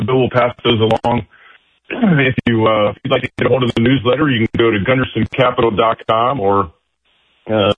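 A man co-hosting a financial radio show, talking in a halting way with many fillers and restarts. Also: mid-range voice, no room sound, lo-fi sound.

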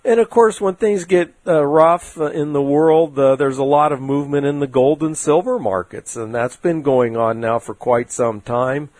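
A man's voice: on the high side, normal speed, few pauses, a little mellow, dry recording. A man hosting an investment talk show, giving casual market commentary in a rambling, folksy way with many fillers.

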